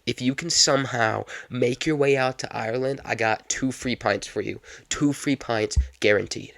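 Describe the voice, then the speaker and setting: A man's voice: medium pitch, normal speed, vocal fry, a bit bright, no echo. A man voicing a hesitant male bar owner who stammers and pleads, in his own plain voice. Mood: sheepish. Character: sheepish adult male bar owner who cannot pay.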